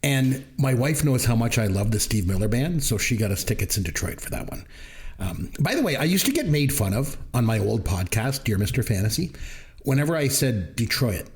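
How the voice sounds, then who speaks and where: A man's voice: medium pitch, sing-song, a little fast. A middle-aged Canadian man with a Canadian accent, hosting a casual podcast chat, jokey and chatty. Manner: chatty, jokey, laughs often. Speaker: podcast host.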